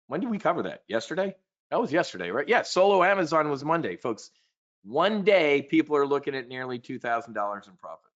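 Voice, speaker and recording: A man hosting a live market briefing, talking in a blunt, profane, animated rant. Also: mid-range voice, highs cut off. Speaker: trading show host.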